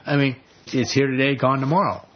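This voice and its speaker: A man voicing God as a patient, reasoning father figure, speaking calmly on a dull lo-fi recording. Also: medium pitch, a little fast, a little hiss or hum, close to an everyday voice. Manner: calm, reasoning.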